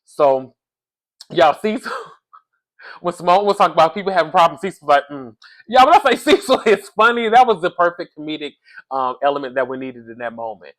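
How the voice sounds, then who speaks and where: Man, reality show recap host, animated, casual commentary, higher-pitched. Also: fairly quick. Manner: animated, talks to the audience as "y'all", says "allegedly" often.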